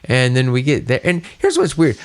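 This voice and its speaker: A man's voice: mid-range voice, normal speed, clear, resonant tone. A middle-aged man co-hosting a podcast, telling a story in casual chat and acting out the voices of the people in it. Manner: animated, acts out quoted voices. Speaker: podcast co-host.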